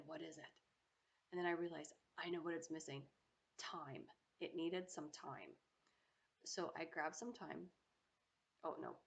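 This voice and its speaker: A woman with a low, gravelly voice talks over her cooking footage, chatty and playful. She speaks straight to her viewers and hums her approval as she tastes. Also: a little hiss or hum. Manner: hums approval while tasting. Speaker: home cooking vlogger. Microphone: home microphone.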